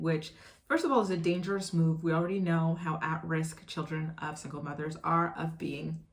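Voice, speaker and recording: A woman giving casual commentary to her viewers, chatty and talking to them directly. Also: fairly low pitch. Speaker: YouTube commentator.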